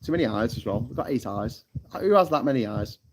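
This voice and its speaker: A man's voice: medium pitch, expressive, brisk, vocal fry, breathy edge, low-quality recording. A British man hosting a live stream from a tropical island, chatting casually, reading out the live chat, swearing freely and laughing at his own jokes. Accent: British English. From United Kingdom. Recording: loud background noise.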